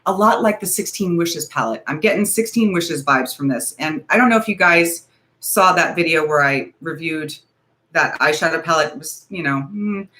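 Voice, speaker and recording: A woman's voice: sits low, normal speed, sharp tone. A woman in her forties hosting a casual beauty livestream, talking in a nervous, rambling, hedging way. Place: home, ring light.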